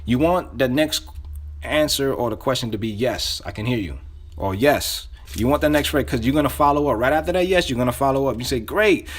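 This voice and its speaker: A sales trainer with a mid-range voice speaks briskly while giving casual coaching. His phrasing is loose and conversational, with restarts and repetition as he acts out sample phone calls.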